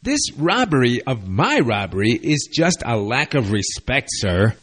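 Aggrieved self-righteous thief guy, husky man quoting him, voice swings up and down a lot. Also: mid-range voice, sing-song, unhurried. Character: indignant male street thief complaining.

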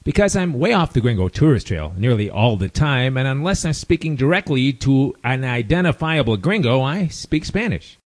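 A man's voice: mid-range voice, very animated, normal speed, few pauses. An older man with a Chicago accent, telling a casual story full of wry, chatty asides. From United States. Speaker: expat storyteller.

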